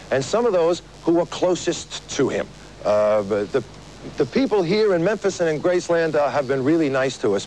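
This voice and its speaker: A man's voice: on the high side, darkish tone, slight background noise, low-quality recording. A man hosting a live TV variety show outdoors, chatting and joking through his opening monologue. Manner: chatty, joking, laughs at his own gags. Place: outdoors on location.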